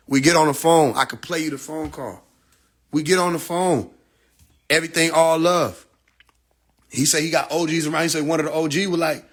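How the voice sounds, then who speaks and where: Brash, profane man ranting with a husky voice. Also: fairly high pitch, moderate pace, pauses often, fairly bright tone. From Atlanta. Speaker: livestream host. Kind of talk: casual livestream rant. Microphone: phone.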